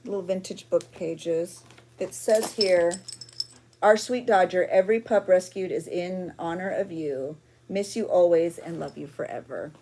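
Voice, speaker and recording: A woman's voice: lowish voice, unhurried, dark tone, slight background noise. A woman hosting a craft journaling vlog, chatty and emotional, rambling with fillers as she shows her pages. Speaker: junk journaling video host.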